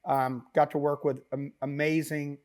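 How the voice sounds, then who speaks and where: Rambling, animated man telling stories. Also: a little high, a little slow. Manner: rambling, animated, many fillers and asides. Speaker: podcast guest, business founder. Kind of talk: casual interview storytelling.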